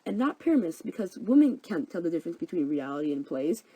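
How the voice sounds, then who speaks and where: A woman's voice: fairly low pitch, very animated, quick pace, warm tone, breathy edge, no echo. A woman voicing Bottom, a pompous, know-it-all amateur actor.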